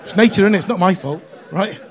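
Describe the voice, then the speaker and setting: A middle-aged man with a northwest English accent performs a stand-up set on a comedy club stage. His voice sits fairly high for a man. He talks in a chatty, cheeky way and keeps checking in with tag questions. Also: fast. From Runcorn, northwest England.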